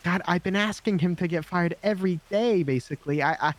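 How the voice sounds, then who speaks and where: A man's voice: high voice, brisk, pitched above the performer's own voice, close to an everyday voice. A man voicing a panicked, tearful female police chief who stammers and repeats herself. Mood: distraught whining.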